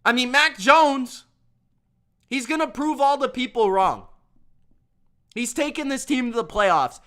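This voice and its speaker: High-voiced man ranting emphatically. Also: animated, measured pace, bright, forceful tone. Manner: emphatic, repetitive, addresses viewers as bro. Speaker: sports show host. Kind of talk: casual opinion rant.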